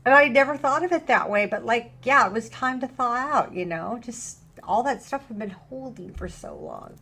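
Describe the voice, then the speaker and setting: A woman's voice: fairly high pitch, animated, normal speed, sharp tone, slightly rough. A woman in her fifties hosting an interview, asking plain questions and telling her own stories. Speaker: interview host. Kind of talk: casual interview talk.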